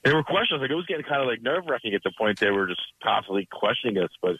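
A man's voice: mid-range voice, very animated, husky, dry recording. A man calling in to a radio show, telling a story about his daughter in a rambling way full of fillers. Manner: rambling, fast, full of you-knows. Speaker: caller. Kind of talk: phone-in story. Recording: muffled phone-in line.

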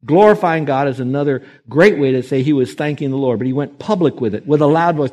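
A man preaching a sermon as a pastor, emphatic and quick to act out the people he quotes. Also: on the high side, expressive, dark tone. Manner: emphatic, acts out quoted voices.

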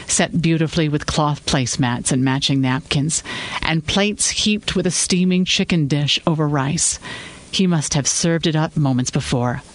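A man reading scripted fiction narration with a measured storytelling delivery. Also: fairly high pitch.

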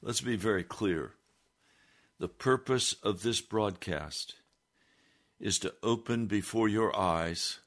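A male preacher tells a story on a broadcast sermon in a low voice. He speaks slowly, in a measured and deliberate way. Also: a bit bright.

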